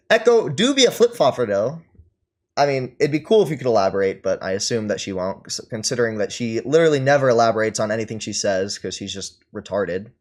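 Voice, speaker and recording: A man's voice: medium pitch, expressive, fairly quick. A man streaming and scornfully mocking someone in his chat, laughing often between jabs. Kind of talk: livestream commentary.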